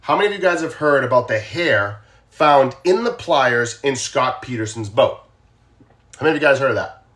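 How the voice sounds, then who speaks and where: A man's voice: medium pitch, lively intonation, normal speed, a bit bright. A man with a Boston accent hosting a casual true crime livestream, talking straight to viewers and repeating his questions to them.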